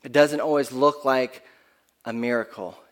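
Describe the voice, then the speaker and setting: A man's voice: mid-range voice, fairly even intonation, measured pace. A man preaching a sermon in an earnest, conversational way, often restarting his phrases, who speaks of his own kids. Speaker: pastor.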